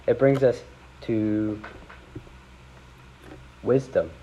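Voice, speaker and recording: A man's voice: lowish voice, extremely slow, mellow, lo-fi sound, slight background noise. A young man giving a sermon in a casual, conversational way, rising into dramatic scripture readings. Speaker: preacher.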